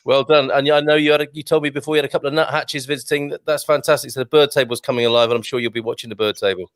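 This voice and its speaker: A chatty man hosts a casual online show from home, reading viewer messages aloud and laughing easily. His voice is mid-pitched and sits close and dry on a video-call mic. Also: steady tone, rapid-fire, no room sound. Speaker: host.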